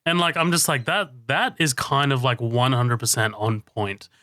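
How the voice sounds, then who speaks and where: A man's voice: medium pitch, lively intonation, moderate pace, pushed and bright, no echo, clean studio sound. A man co-hosting a casual film podcast, rambling with many fillers, laughing and swearing.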